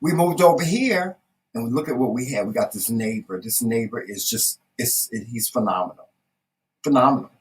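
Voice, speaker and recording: A woman's voice: extremely low pitch, moderate pace, distant mic, rough recording. A woman with a Southern American accent, co-hosting a casual chat, telling stories emphatically with salty, folksy asides. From Southern United States. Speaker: co-host.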